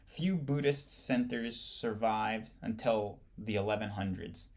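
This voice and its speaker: A male instructor reads a history textbook aloud at a slow, unhurried pace. His voice has a gravelly fry, and he stumbles over words and goes back to reread them. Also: lowish voice.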